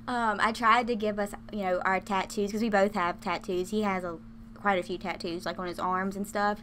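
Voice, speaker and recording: A woman's voice: medium pitch, moderate pace, a bit bright, a little hiss or hum. A young woman casually talking through a life-sim game she plays, chatty and giggly with many fillers. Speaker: gaming channel host.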